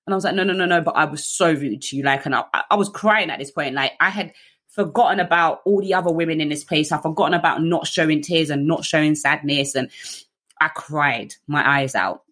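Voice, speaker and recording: A woman's voice: low-pitched, brisk, a bit bright. A woman with a British accent telling her life story candidly in a conversational way, with fillers and restarts. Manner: conversational, many fillers, acts out others in raised voices.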